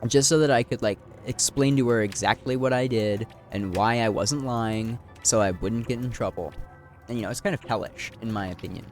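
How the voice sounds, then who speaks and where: A man's voice: medium pitch, fairly quick. A young man talking through a reflective, rambling chat while playing a game, with many fillers and casual swearing. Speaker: gaming video creator. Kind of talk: reflective talk over gameplay. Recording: background game music.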